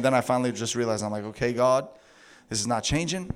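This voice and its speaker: A man preaching a sermon through a funny personal story, laughing often and acting out his own words in a high sing-song voice. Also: fast, clear, resonant tone.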